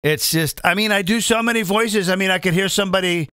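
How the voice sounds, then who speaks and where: A middle-aged man hosting his own show as a comedian and impressionist, talking in a chatty, self-mocking ramble full of quick asides. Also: sits high, sharp tone, smooth, no echo, studio quality. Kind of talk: casual rambling monologue.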